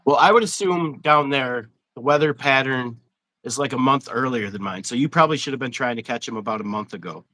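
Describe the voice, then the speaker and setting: A man's voice: mid-range voice, brisk, sharp tone, low-quality recording. A man hosting a casual fishing livestream interview, chatty and rambling, laughing often. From Wisconsin. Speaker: host.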